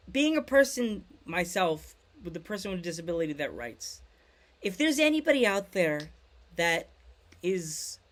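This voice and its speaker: A podcast host asking slow, halting questions full of fillers in a casual interview. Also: medium pitch, fairly bright tone.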